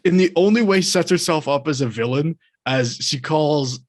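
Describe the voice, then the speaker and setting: A man's voice: on the high side, normal speed. A man co-hosting a podcast, talking about a book in a casual, rambling and enthusiastic way, often laughing. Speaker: podcast co-host.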